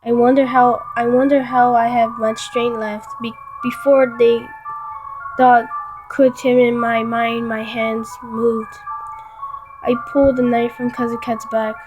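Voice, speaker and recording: A woman reading a dark first-person story aloud in a dramatic way, often stumbling and restarting words. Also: fairly high pitch, flat delivery, measured pace, over music, poor audio. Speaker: story reader.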